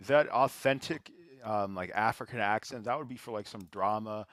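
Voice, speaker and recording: A man co-hosting a podcast chat, explaining his view in a measured way with examples. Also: fairly low pitch, a bit bright, no room sound. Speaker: podcast co-host. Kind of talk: casual chat.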